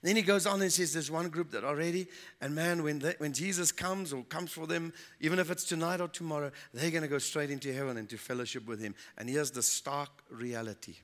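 A man's voice: fairly high pitch, a little fast, fairly bright tone. A man preaching a sermon in an earnest storytelling manner, repeating points for emphasis.

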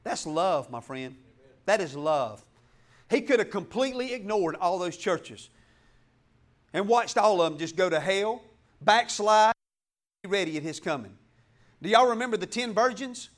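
A man pastor preaching a passionate sermon in church, breaking into shouts and laughs. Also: sits high, lively intonation, a little slow, pauses often.

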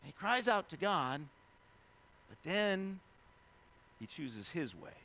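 Guy preaching a sermon, high bright voice, super animated, plays out the stories. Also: slow, slight background noise. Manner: animated, acts out biblical figures in casual voices. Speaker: pastor.

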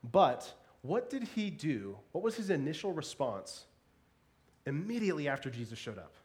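A man giving a sermon in a conversational, animated way, with playful asides and frequent repeated words. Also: on the high side, normal speed. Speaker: pastor.

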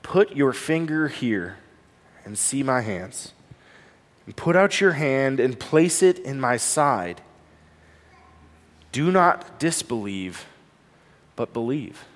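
A gentle, tender Jesus speaks softly and slowly, as a preacher voices him. His hushed words hang in the long echo of a large hall. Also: medium pitch, very animated, voice pushed down. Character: gentle, tender risen Jesus, adult man.

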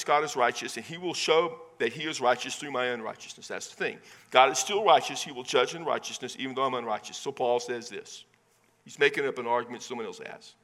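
A man with a Texan accent preaching a sermon as pastor, conversational and animated, with casual asides. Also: on the high side. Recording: long hall reverb.

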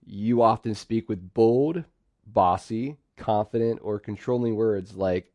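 A man preaching a sermon, lively, acting out quoted phrases in sudden bursts. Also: fairly low pitch, takes it slowly, dry recording. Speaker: pastor.

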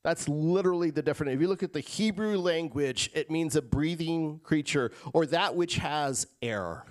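A man preaching a sermon as pastor, shifting between loud emphatic lines and quiet, casual asides to the congregation. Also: fairly high pitch, normal speed. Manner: casual, addresses crowd as guys.

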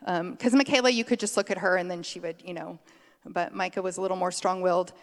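A middle-aged woman giving a conversational sermon, chatty and quick to laugh, drifting off on tangents. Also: fairly low pitch, fairly even intonation. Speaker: preacher. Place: church sanctuary. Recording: long hall reverb.

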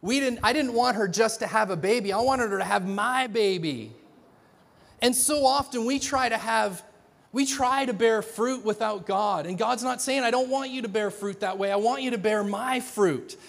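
Animated man preaching, high voice. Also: moderate pace, creaky. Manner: animated, conversational, many restarts, acts out dialogue. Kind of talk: sermon. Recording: long hall reverb.

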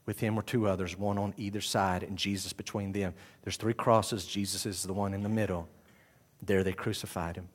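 A man preaching a sermon as pastor, swinging from quiet, low passages to loud, raised exclamations. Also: little pitch movement, moderate pace.

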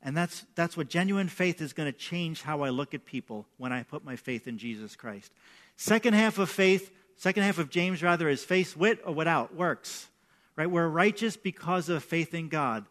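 This New York pastor has a slightly bright, expressive voice on the high side and speaks at a moderate pace. His sermon unfolds as conversational personal storytelling, and he keeps checking in with "right?"

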